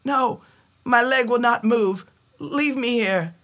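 A woman voicing an injured younger brother, faint and pleading. He sounds weak and ashamed, his voice bright and thin. It is a spoken folk tale. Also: fairly high pitch, slow pace, voice pushed up.

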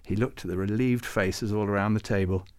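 A man reading a story aloud as narrator in a gentle, expressive way. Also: lowish voice, fairly quick.

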